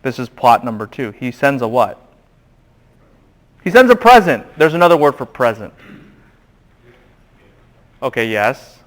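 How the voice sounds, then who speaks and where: A man giving a classroom Bible lecture, animated and quizzing the students with questions. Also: medium pitch, a little slow, pauses often.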